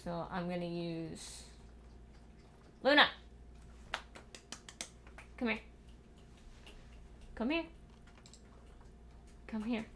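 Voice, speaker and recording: A woman's voice: lowish voice, takes it slowly, pauses often, fairly bright tone, a little hiss or hum. A young woman streaming a building game from her desk at home, muttering to herself and scolding her cat in exasperated asides. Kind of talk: casual livestream chat while building in a game. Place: home room at a computer.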